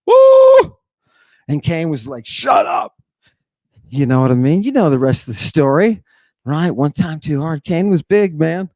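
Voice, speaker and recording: A man lecturing casually on ancient words, with a fairly high voice. He swings between low, hushed asides and excited, rising outbursts. The sound is dry and close, with no room echo. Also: moderate pace. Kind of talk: informal livestream lecture.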